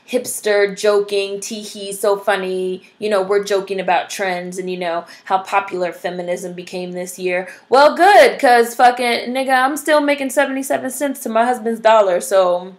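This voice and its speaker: A woman's voice: medium pitch, level tone, normal speed. A young adult woman vlogging, ranting bluntly and profanely, full of "like" and "you know". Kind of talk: casual ranting commentary to camera.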